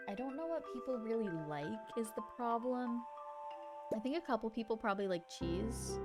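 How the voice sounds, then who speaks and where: A woman streamer chats casually while playing, her voice sitting at an ordinary middle pitch. She giggles and thinks out loud in a playful, rambling way. Game music plays clearly underneath her. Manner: chatty and playful, giggles and talks to herself. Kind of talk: casual live gameplay chat.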